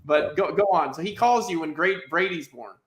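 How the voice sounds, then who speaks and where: A man hosting a casual interview, who talks excitedly and laughs while recalling shared history. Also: fairly high pitch, echoey room, slight background noise. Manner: excited, fast, laughing asides. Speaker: host.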